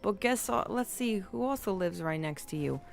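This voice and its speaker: A woman's voice: mid-range voice, lively intonation, moderate pace, vocal fry. A woman streaming a game, rambling playfully and chatting with her viewers. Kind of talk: live game stream chat.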